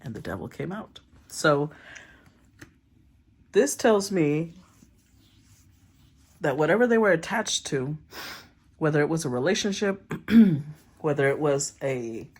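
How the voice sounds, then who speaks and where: A woman giving a casual tarot reading, thinking aloud, often clearing her throat and murmuring as she names the cards. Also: sits low, animated, a little slow, long pauses. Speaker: tarot reader.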